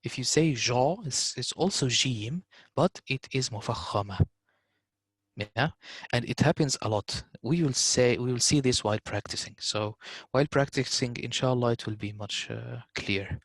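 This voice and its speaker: Man teaching pronunciation, slow demonstrations. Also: medium pitch, no room sound. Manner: demonstrates sounds by contrasting them, repeating examples slowly; hesitant fillers, informal address to students. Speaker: Quran recitation teacher. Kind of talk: online tajweed lesson.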